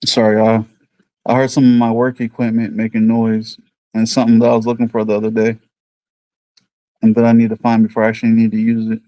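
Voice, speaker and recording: A man's voice: fairly low pitch, monotone, fast talker, no room sound, dull audio. Easygoing man chatting on a livestream. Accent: New York. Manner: rambling, easygoing, thinks aloud. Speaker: livestream host. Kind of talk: casual livestream chat with viewers.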